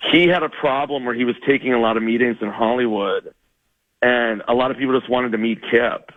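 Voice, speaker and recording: On a radio show, a comedian guest tells a funny story, rambling and poking fun at himself between quick laughs. His voice is mid-range. The recording is dry, with narrow, tinny audio.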